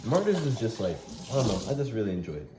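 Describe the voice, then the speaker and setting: A young man with a lowish voice talks through a movie recap in loose, slangy, profane rambles, piling on filler words. The sound bounces around a roomy space, with a faint hiss underneath. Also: big pitch swings, fast. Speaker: movie reviewer. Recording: roomy echo, faint noise.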